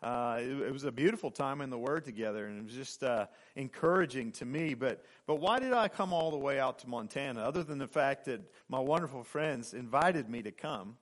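Halting man preaching a guest sermon. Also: medium pitch. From Oklahoma. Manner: halting, with many fillers and restarts.

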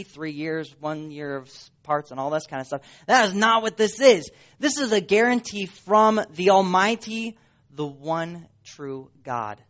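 Emphatic high-voiced preacher, slow delivery. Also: male voice, fairly bright tone. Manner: emphatic, repetitive, rising and dropping sharply for stress. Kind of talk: sermon. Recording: dull lo-fi sound.

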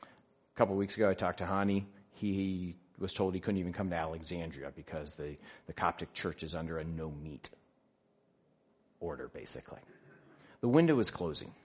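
A man telling a personal story in an animated way, acting out the quotes. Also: low voice, normal speed, breathy edge. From United States. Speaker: speaker sharing a faith story. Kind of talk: storytelling talk. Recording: dull lo-fi recording.

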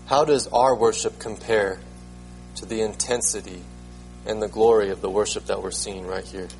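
A man's voice: fairly low pitch, fairly even intonation, moderate pace, a little mellow, faint music behind, low-quality recording. A man preaching a sermon as pastor, emphatic, repeating words and rising sharply when he proclaims them.

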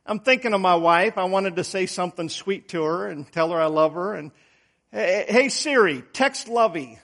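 A man's voice: high voice, normal speed, creaky, a bit bright. A middle-aged male preacher giving a sermon, telling homey stories and stressing words with emphatic rises. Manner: folksy storytelling, emphatic rises.

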